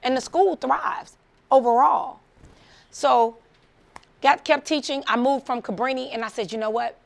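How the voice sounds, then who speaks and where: A woman's voice: high-pitched, unhurried, gravelly. A middle-aged woman from the Chicago suburbs, giving a motivational talk as a story and acting out the voices of the people in it. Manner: animated, acts out quoted voices, laughs often. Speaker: motivational speaker.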